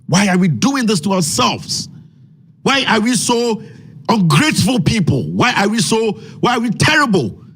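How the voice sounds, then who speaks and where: A man's voice: high-pitched, big pitch swings, measured pace, fairly bright tone, husky. A Ghanaian man hosting a commentary segment, ranting angrily in rhetorical questions. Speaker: commentary host. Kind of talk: impassioned social media commentary.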